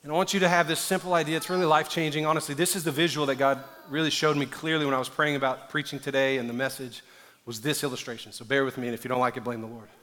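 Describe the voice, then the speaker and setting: A man preaching a sermon as pastor, animated and building at times to shouting. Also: mid-range voice, rapid-fire. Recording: echoey hall reverb.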